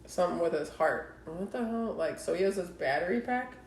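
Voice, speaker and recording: A woman's voice: lowish voice, animated, brisk, a little hiss or hum. Woman telling stories in an echoey room. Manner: profane, laughing storyteller. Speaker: podcast co-host. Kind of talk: casual chat.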